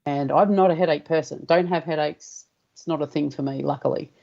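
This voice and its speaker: A woman's voice: low voice, a little fast, gravelly, mellow, muffled recording. An Australian woman, a guest on a radio chat, telling stories and acting out the dialogue in them. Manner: storytelling, acting out her own quoted dialogue. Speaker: guest healer.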